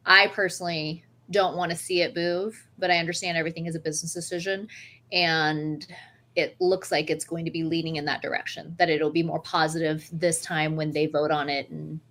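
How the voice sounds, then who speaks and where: A woman co-hosting a casual chat, giving her view in a calm, measured way. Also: low voice.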